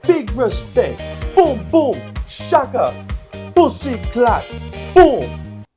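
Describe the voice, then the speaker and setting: A man's voice: extremely high pitch, expressive, slow pace, warm tone, faint music behind, voice pushed up, heavily acted. A man voicing a mock Jamaican-accented party figure who chants his lines sing-song, preachy and upbeat, on a comedy podcast. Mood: mock-solemn. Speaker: host.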